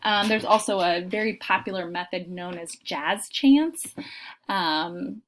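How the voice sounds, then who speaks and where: A woman's voice: on the low side, takes it slowly, slight background noise. A woman giving a recorded lecture on teaching, explaining steps with frequent fillers and spoken examples. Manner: explanatory, frequent ums, demonstrates intonation aloud. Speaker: teacher trainer.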